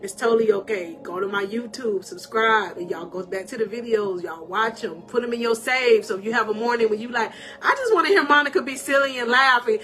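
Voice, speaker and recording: A woman life coach giving an animated, emotional live-stream talk of encouragement. She laughs often and calls out to her viewers in a preacherly way. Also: a little high, a little fast, hardly any pauses, soft background music.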